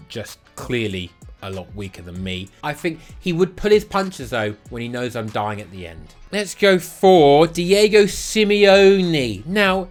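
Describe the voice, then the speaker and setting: A young man riffing through a crude comedy rant. His pitch swings widely, from loud bursts down to mutters. Faint music plays behind him. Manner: animated, crude, jokey. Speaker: YouTube host. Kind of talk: comedic monologue.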